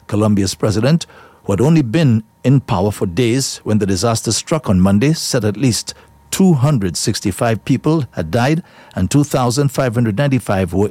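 A man reading the news with a low, mellow voice. His delivery is steady and measured, and the recording is dry and close, with no room sound. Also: dry recording. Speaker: newsreader.

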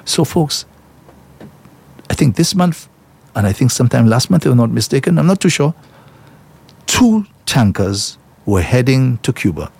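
A husky-voiced man delivers solo commentary. He talks emphatically and repeats phrases for effect. His delivery is indignant and direct. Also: mid-range voice, big pitch swings, moderate pace, long pauses, a little mellow. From Saint Lucia. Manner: emphatic, repetitive, indignant, addresses listeners as folks.

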